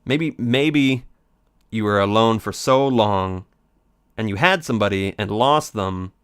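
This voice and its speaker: A man's voice: lowish voice, a little slow, a bit bright, clean tone, no echo, studio quality. A man doing let's play commentary, rambling in a theatrical, mock-dramatic way.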